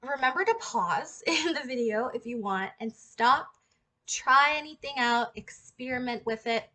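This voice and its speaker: A woman's voice: a little high, measured pace, bright, forceful tone. A young woman giving a casual singing lesson, chatting and breaking into short sung demonstration notes. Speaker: singing teacher.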